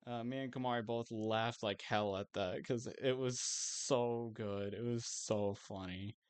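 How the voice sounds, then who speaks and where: A man's voice: mid-range voice, fairly even intonation, measured pace, clear, resonant tone. Rambling young male streamer. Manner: rambling, self-amused, swears casually. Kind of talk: casual rambling chat while gaming.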